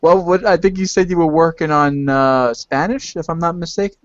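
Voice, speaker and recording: A man's voice: a little high, moderate pace, no room sound. A man hosting a casual chat, asking curious questions and tripping over his words. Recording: dull dry lo-fi recording.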